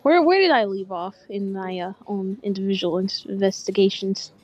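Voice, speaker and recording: A woman's voice: medium pitch, normal speed, highs cut off. A woman playing a tabletop game, answering with dry, wry remarks and pushing back on the others. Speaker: player. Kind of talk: casual tabletop play.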